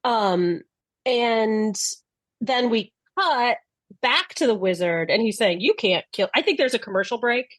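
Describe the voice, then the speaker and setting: A woman's voice: on the high side, animated, a little slow, no echo. Sarcastic woman podcast co-host. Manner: blunt, sarcastic. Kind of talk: casual chat recapping a show.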